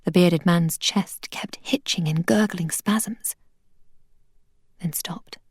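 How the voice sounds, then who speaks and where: A woman reading a children's adventure novel aloud in a steady, soft-spoken way. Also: fairly low pitch, slow, slightly rough, no room sound, clean studio sound. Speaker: audiobook reader.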